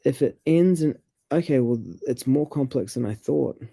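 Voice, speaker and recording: A man of medium pitch with a creaky, mellow voice talks at normal speed in a dry recording. As co-host of a scripture study show, he casually discusses word stress, reading explanations aloud, curious and exclaiming in surprise.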